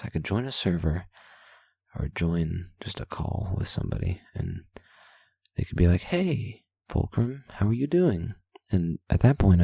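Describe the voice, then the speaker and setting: Man, husky and gravelly, dry close sound, rambling candid journal reading, swears bluntly. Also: low voice, warm tone, no room sound. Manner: candid, rambling and self-deprecating. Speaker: vlog host. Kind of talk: reading his daily journal aloud.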